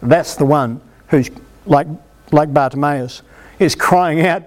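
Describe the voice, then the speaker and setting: A man preaching a sermon at a healing meeting, emphatic and animated as he exhorts the congregation. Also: a little high, slow pace.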